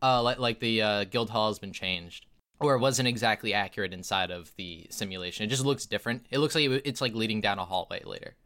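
A man's voice: fairly low pitch, fast talker, fairly bright tone. A man narrating a tabletop game as game master, rambling with many fillers and laughs.

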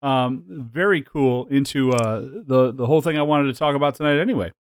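A man hosting a podcast in a casual chat, rambling with lots of fillers and quick laughs. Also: mid-range voice, clean tone, no echo. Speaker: podcast host.

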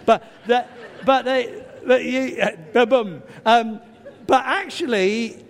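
A man's voice: extremely high pitch, slow. An older English man with a slightly stuffy nose, preaching a sermon and telling a self-deprecating personal story in a chatty way. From England. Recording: long reverb of a large hall.

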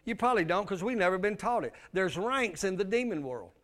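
A man's voice: high-pitched, big pitch swings, fairly quick, a bit bright. A male pastor, preaching a sermon with emphatic call-and-response.

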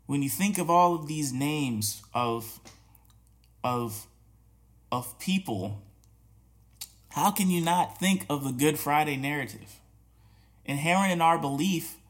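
A man hosting a podcast, talking earnestly and challenging listeners with repeated rhetorical questions, with restarts and short laughs. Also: medium pitch. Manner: many restarts and hesitations, soft laughs. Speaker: podcast host. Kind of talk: reflective spoken commentary.

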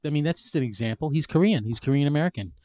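A man co-hosting a podcast in casual chat, halting with fillers and joking dryly. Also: fairly high pitch, expressive, mellow, no room sound, studio quality. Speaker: podcast co-host.

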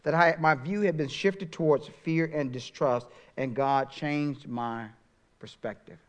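Dynamic preaching man, hushed to loud. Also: a little high, unhurried. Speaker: pastor. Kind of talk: sermon.

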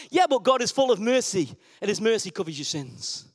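A man preaching a lively sermon, asking the congregation questions and repeating his key words for emphasis. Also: very high voice, brisk. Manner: call-and-response questions, emphatic repetition.

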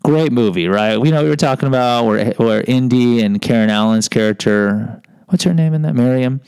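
A man's voice: mid-range voice, fairly quick, a little mellow, clean tone, no room sound, low-quality recording. A man in his fifties telling a rambling personal story, digressive, wry and self-mocking.

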